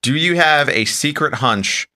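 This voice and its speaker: Bright-voiced man chatting casually. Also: fairly high pitch, a little slow. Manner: relaxed, joking, acts out phone calls. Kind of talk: casual group chat.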